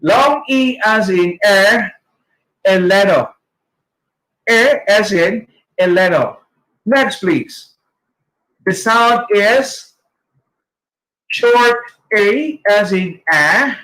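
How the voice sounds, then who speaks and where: High-voiced Filipino man teaching pronunciation. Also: lively intonation, pushed and bright, roomy sound, poor audio. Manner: slow, deliberate, models sounds for repetition. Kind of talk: pronunciation lesson, reading drills aloud. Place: online training session.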